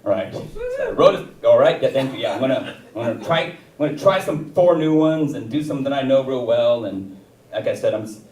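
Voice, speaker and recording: A man's voice: medium pitch, lively intonation, a little fast, crowd noise. A male stand-up comedian ad-libbing on stage, rambling and stumbling over his words. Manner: rambling, self-interrupting ad-libbing. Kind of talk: stand-up set. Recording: roomy theater sound, distant mic.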